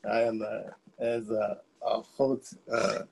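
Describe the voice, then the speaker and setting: A man's voice: lowish voice, flat delivery, slow pace, gravelly, a little mellow, breathy edge, low-quality recording. A man, a guest teacher, speaking conversationally with many hesitations and fillers.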